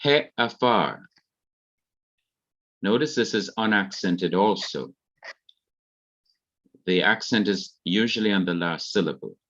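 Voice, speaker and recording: Slow, low-voiced Jamaican man teaching. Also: expressive, fairly bright tone, dull audio. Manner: slow, careful explanation of grammar rules. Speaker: Hebrew teacher. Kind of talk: online revision lecture.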